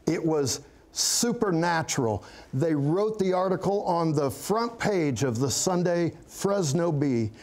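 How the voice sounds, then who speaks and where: A middle-aged man speaks as a pastor giving his testimony. He takes his time, his voice sitting a little high, and he tells it earnestly, like a story. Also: animated, takes it slowly, a little mellow. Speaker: pastor, guest. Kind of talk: testimony interview.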